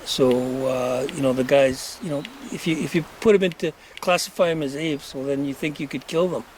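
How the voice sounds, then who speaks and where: A man in a casual chat who speaks earnestly and haltingly, with many restarts. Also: a little high, a little hiss or hum.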